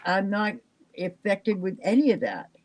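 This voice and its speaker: Brief: older woman, exhausted, rambling casual chatter, mid-pitch voice. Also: big pitch swings, a little slow, poor audio. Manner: rambling, chatty, trails off with fillers. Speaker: live stream chat participant. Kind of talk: casual chat.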